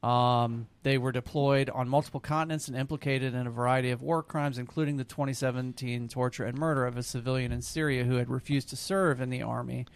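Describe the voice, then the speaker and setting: A man co-hosting a podcast, reading news articles aloud in a relaxed, conversational way with stumbles and restarts. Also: medium pitch, brisk, hardly any pauses, clean tone. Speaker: podcast co-host.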